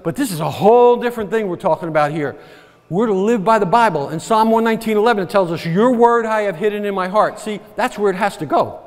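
High-voiced pastor preaching in a reverberant church. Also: male voice. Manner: earnest, repetitive, asks the congregation "right?". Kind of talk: sermon. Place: church sanctuary.

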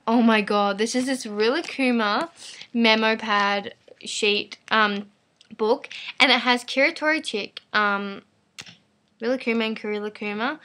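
A woman casually chatting through an unboxing at home, gushing and excitable, rambling with lots of fillers. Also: a little high, slight background noise. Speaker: vlogger unboxing a package.

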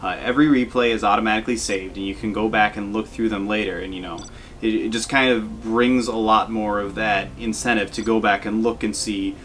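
A man's voice: lowish voice, fairly quick, slight background noise. A young man giving casual, self-deprecating commentary over gameplay as a gaming video host. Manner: relaxed, self-deprecating, frequent fillers.

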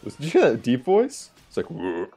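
A man commenting live on a video game as he plays. He is excitable and keeps exclaiming, and his voice swings up and down with a very lively pitch. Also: fast, breathy edge, faint music behind. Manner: excitable, exclaims and laughs often. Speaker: gaming channel host.

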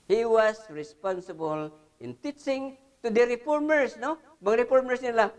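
High-voiced man teaching the Bible. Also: normal speed. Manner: mixes English with Cebuano, many hesitant fillers, emphatic scripture reading.

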